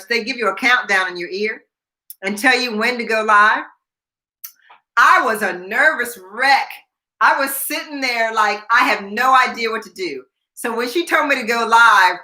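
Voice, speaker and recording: An older woman hosting a casual chat, telling a lively story and acting out the people in it, laughing often. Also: on the high side. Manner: animated, acts out quoted voices, laughs often. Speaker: host.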